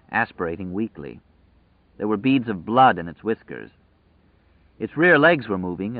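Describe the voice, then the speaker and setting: A man narrating a story in a measured, vivid storytelling manner, over tinny phone-like audio. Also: fairly low pitch, no room sound. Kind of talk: scripted narration.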